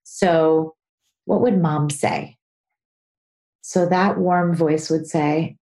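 Woman, parenting podcast host, solo advice, low mellow voice, roomy echo. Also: fairly even intonation, very slow, pauses often. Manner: warm, earnest, explains with acted examples.

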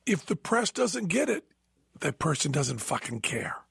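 A man co-hosting a podcast in casual chat, a lively storyteller who acts out voices, with a gravelly, husky voice. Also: a little high, a little slow, no room sound, clean studio sound. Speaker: podcast co-host. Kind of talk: casual chat, telling an anecdote.

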